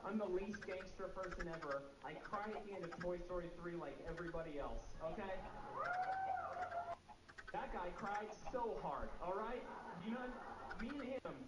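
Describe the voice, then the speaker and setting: A male stand-up comedian telling self-mocking stories in a deadpan way, with lots of rhetorical questions. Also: high voice. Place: comedy club stage. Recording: roomy, distant, dull, noisy live venue recording.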